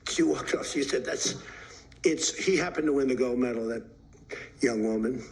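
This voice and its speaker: Gravelly man in a rambling speech. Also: medium pitch, moderate pace, low-quality recording. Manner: animated storyteller acting out quotes; repetitive, emphatic. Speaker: president giving a speech.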